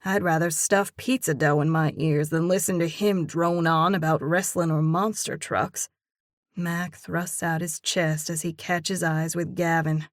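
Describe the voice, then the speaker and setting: A woman's voice: low voice, measured pace, dry recording, studio quality. A woman narrating a first-person romance audiobook expressively, voicing the heroine's own lines as she goes. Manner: expressive, reads in character as heroine.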